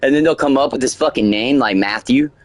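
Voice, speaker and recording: A man's voice: mid-range voice, a little fast, dry recording. A man chatting casually on a game livestream, rambling with many fillers and crude jokes. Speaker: game streamer.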